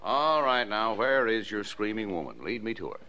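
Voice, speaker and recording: A low-voiced small-town father on a dull old radio broadcast, patient and gently teasing. His speech swings lively in tone as he soothes and humors his child, in 1940s radio acting. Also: normal speed. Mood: humoring.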